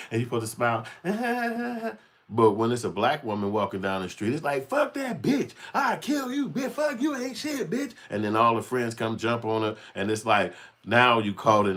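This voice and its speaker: A man's voice: fairly low pitch, fairly bright tone. A man giving a blunt, heated commentary, cursing freely and acting out other people's voices. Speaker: channel host. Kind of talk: unscripted commentary rant.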